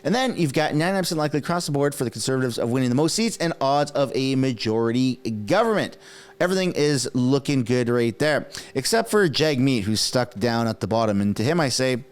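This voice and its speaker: Excitable thirty-year-old man hosting commentary. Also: medium pitch. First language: French. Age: 30s. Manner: excitable, mocking, quick bursts of enthusiasm. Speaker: political commentary channel host. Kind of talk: casual political commentary vlog.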